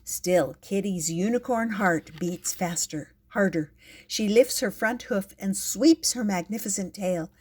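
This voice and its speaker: Slow, gentle older woman reading aloud. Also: medium pitch, slightly rough. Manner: gentle, unhurried. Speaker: storyteller. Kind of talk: reading a picture book aloud.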